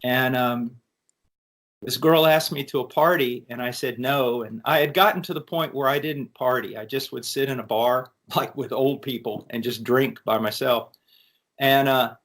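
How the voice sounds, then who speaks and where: A man's voice: mid-range voice, moderate pace, fairly bright tone. A preacher speaking to college students, telling a personal testimony in an earnest way and often restarting his sentences. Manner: earnest storytelling with frequent restarts.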